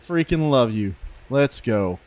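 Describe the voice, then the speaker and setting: A man streaming a game live, his pitch leaping all over as he whoops and shouts thanks to donors. He talks at an unhurried pace and is sometimes out of breath from the excitement. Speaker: gaming streamer.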